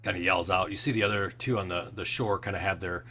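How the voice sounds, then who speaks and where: A man narrating as game master of a tabletop game, halting with many fillers and restarts. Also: low-pitched, steady tone, pushed and bright. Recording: faint background music.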